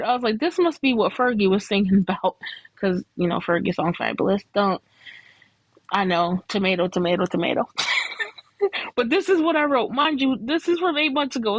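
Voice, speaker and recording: A woman's voice: no echo, poor audio. Chatty woman, dry close sound. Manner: chatty and candid, with frequent laughs and jumps to high pitch. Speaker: host reviewing a film. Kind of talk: casual chat.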